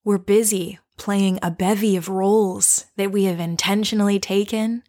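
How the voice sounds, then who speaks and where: A woman coach telling a personal story and guiding listeners to reflect, speaking softly and slowly and often dropping to a whisper. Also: mid-range voice, fairly even intonation.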